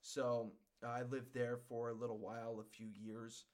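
A man's voice: medium pitch, flat delivery, moderate pace, a little mellow. A man from Western Massachusetts hosting his own podcast, rambling and worked up, tagging his points with "okay?". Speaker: podcast host. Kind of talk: casual solo podcast chat.

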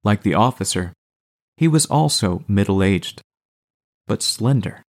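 A man narrating an audiobook in a steady, even storytelling manner. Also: lowish voice, slow pace.

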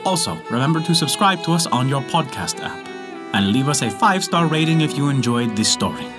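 A man hosting a folk tale podcast, narrating in an expressive, measured storytelling manner. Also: mid-range voice, music in the background. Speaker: storyteller host.

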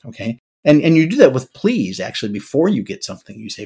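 A man's voice: mid-range voice, sing-song, fast, mellow, slightly rough. An older man hosting a podcast, talking through his thoughts in a reflective, musing way and often restarting his words. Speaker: podcast host. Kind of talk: casual podcast monologue.

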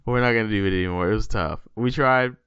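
Low-ish jokey podcast dude rambling along, dry muffled sound. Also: male voice, quick pace, fairly bright tone, clean tone, no echo. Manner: loose, joking and rambling. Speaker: podcast co-host. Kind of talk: casual chat.

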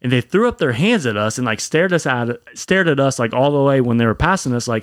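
Animated, swearing young man telling a story. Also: mid-range voice, brisk, few pauses, dry recording, studio quality. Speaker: podcast co-host. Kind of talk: casual chat.

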